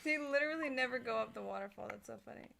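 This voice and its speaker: A woman co-hosting a game stream, chiming in with quick casual reactions. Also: a little high, gravelly, fairly bright tone, slight background noise. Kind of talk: casual live-stream chat.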